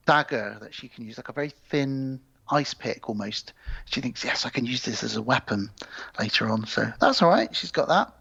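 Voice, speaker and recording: A man co-hosting a casual podcast, retelling a film plot with quick acted voices and casual swearing. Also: mid-range voice, gravelly, a bit bright, husky. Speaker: podcast co-host. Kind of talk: casual film review chat. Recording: slightly dull, lo-fi podcast audio.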